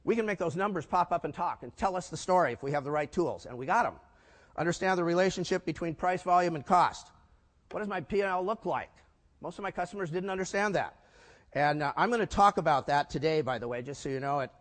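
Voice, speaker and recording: A man's voice: fairly high pitch, a bit bright. A man in his sixties giving a business talk at a conference, punchy and full of rhetorical questions for the audience. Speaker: keynote speaker. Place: conference hall. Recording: long hall reverb.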